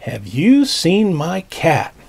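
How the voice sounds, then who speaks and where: A man doing a small boy searching for his cat, storybook voice, slow, gravelly. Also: a little high, huge pitch swings, a little mellow, exaggerated voice. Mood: pleading. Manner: slow, drawn-out questions. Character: little boy hunting for his lost cat.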